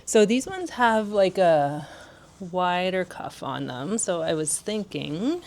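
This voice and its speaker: Slow, chatty woman vlogging at home. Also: fairly low pitch, very animated, darkish tone. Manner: chatty, rambling, laughs often. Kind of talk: casual chatty vlog. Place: home room.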